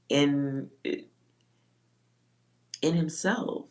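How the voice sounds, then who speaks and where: A woman's voice: low voice, takes it slowly, long pauses. A woman from Texas, talking casually and bluntly on a livestream as a psychic reader, swearing freely and laughing often.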